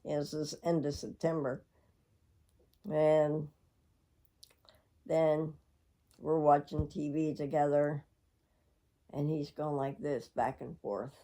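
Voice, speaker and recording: A woman's voice: low voice, little pitch movement, slow, pauses often, mellow. A middle-aged woman telling a rambling, reflective personal story to her viewers. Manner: rambling, reflective, with frequent laughs. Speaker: vlogger.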